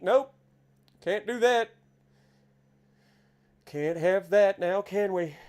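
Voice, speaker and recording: A man with an Appalachian accent giving chatty, excitable commentary while playing a driving game. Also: high voice, takes it slowly, pauses often. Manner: chatty, easily excited, exclaims at scenery. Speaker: game streamer. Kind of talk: casual gameplay commentary.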